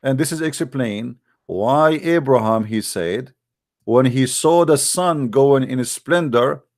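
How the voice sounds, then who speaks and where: Man, polemical talk, mid-pitched voice, emphatic, rhetorical questions, stumbling restarts. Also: takes it slowly, a little mellow. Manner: addresses the audience directly as guys; non-native grammar with repeated restarts. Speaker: religious debate speaker.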